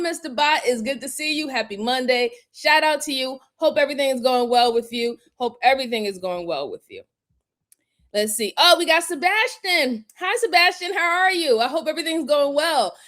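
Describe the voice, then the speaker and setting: A woman's voice: high voice, fairly bright tone. Chatty woman hosting a livestream. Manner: repeats greetings and thanks, laughs often. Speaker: livestream host. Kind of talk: casual livestream chat.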